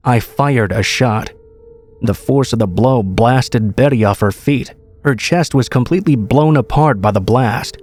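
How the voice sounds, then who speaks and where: Male narrator for a horror story, measured and steady delivery, faint background music. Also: medium pitch. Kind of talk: scripted narration.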